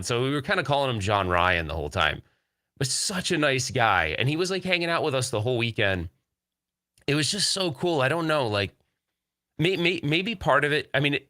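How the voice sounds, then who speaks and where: A man's voice: mid-range voice, pushed and bright, dry recording, studio quality. A man hosting a podcast live stream, talking casually in a rambling, upbeat way and reading viewer chat aloud. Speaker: podcast host.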